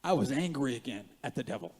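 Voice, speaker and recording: A man's voice: mid-range voice, fast talker, slightly rough. Passionate preaching pastor, man, big hall. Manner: animated preaching, swings from quiet asides to loud emphatic rises; jokey, self-mocking asides. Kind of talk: sermon. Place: church sanctuary.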